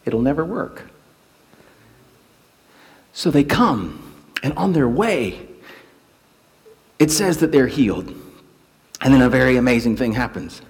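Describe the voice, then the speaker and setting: A man's voice: medium pitch, takes it slowly, long pauses, big-room sound. A man preaching a sermon, telling stories and acting out quotes. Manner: animated storytelling with acted quotes. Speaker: pastor.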